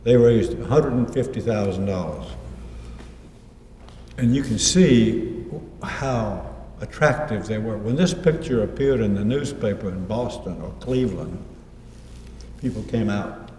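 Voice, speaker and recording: A man's voice: lowish voice, measured pace, warm tone, a little hiss or hum. A man giving an author talk, telling anecdotes and quoting people in his own voice. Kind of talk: lecture with slides. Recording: echoey hall, mic far off.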